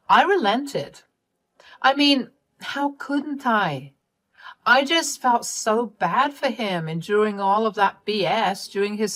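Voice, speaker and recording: Woman telling a family drama story, wry and fed up, expressive delivery. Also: medium pitch. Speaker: narrator. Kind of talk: storytelling narration of a personal drama.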